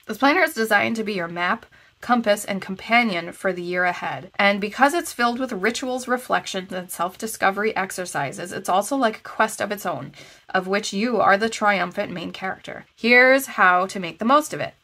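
A woman's voice: medium pitch, normal speed, pushed and bright. A woman with a stuffy, congested nose chatting casually as she reviews a planner and reads parts of it aloud. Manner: chatty, frequent restarts.

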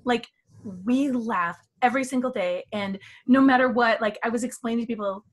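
Guesting on a talk show with her daughter, a middle-aged mother laughs and chatters through casual stories about her. She speaks at a moderate pace in a voice on the high side.

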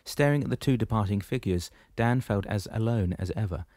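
A man narrating a novel as an audiobook reader, reading in a steady, even way. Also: on the low side, brisk, no room sound, studio quality. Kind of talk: scripted narration.

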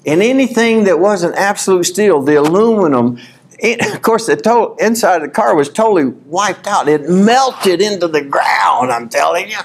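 A man preaching at a conference in a folksy, animated way, his voice sitting fairly high for a man. He reads scripture with rising fervor and breaks into shouts, then drops back into easy storytelling. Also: normal speed. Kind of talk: sermon. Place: conference hall.

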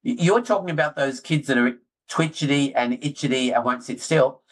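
A middle-aged man, talking excitedly as a guest in a casual interview. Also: medium pitch, normal speed, low-quality recording. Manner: excitable, animated storyteller, self-deprecating. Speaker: guest orthodontist.

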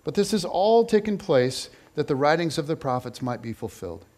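A man reading a scripture passage aloud in an expressive, measured way. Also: on the high side. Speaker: scripture reader.

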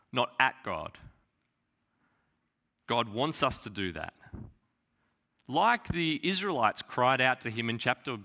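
Earnest, lively, bright-voiced male preacher. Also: medium pitch. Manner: earnest preaching, repeats phrases for emphasis. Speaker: pastor. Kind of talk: sermon.

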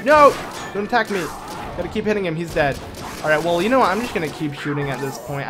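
A young man giving casual let's play commentary while shooting at a game, often yelping and exclaiming when startled. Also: fairly high pitch. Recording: game music loud behind voice. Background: game music.

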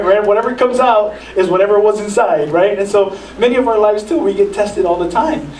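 A man's voice: high voice, a little fast, hardly any pauses, darkish tone, roomy sound, distant mic, slight background noise, poor audio. A male pastor giving a sermon in a conversational way, with frequent restarts and acted-out asides. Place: church sanctuary.

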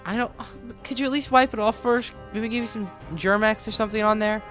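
A man hosting a let's play, excitable and joking, talking back at the game's characters as he plays. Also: high voice, a little fast, faint music behind. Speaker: gaming channel host.

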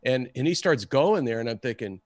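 Animated man telling a story. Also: medium pitch, fairly quick, no echo. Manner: animated, acts out the people he quotes. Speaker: guest storyteller. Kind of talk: casual storytelling.

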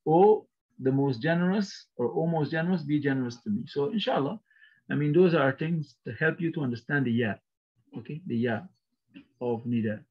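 A man's voice: medium pitch, brisk, breathy edge, muffled recording. A man teaching a recorded lecture, explaining patiently and repeating each phrase with frequent "right?" checks. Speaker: Arabic teacher.

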